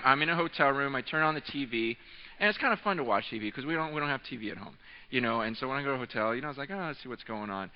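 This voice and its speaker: A man in his thirties preaching a sermon, telling a story with excitement, often repeating and restarting his words. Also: mid-range voice. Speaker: pastor. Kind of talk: sermon with an animated storytelling aside. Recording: echoing hall, dull lo-fi sound.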